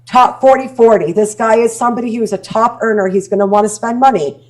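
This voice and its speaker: A woman's voice: on the high side, brisk. A Canadian woman, a guest speaking coach on a podcast, talking bluntly and acting out quoted messages. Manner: blunt, animated, acts out quoted dialogue. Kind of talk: casual podcast interview.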